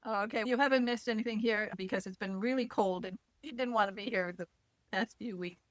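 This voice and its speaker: A woman's voice: medium pitch, a little fast, no echo. A woman hosting an author interview, enthusiastic and gushing. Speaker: interview host. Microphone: video call.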